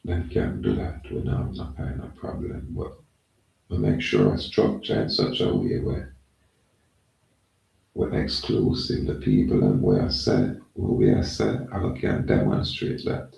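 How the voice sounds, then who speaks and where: Gravelly, low, and slow, a Jamaican-accented man who hosts a channel talks in a loose, rambling monologue peppered with "yeah, man." His tone is level and darkish, and the distant mic picks up an echoey room.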